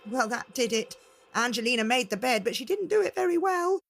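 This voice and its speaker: A woman storyteller telling a fairytale to children in a dramatic, expressive way. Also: fairly high pitch, gravelly. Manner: dramatic, unhurried, with voiced characters.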